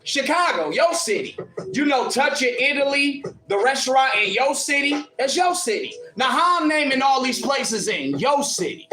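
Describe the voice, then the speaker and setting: A man's voice: very high-pitched, big pitch swings, moderate pace, bright, forceful tone, roomy sound, soft background music. A man hosting a livestream, taunting and mocking a commenter in a combative rant. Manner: taunting, mocking, combative, laughs at his critic. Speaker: livestream host answering commenters. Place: in Ohio.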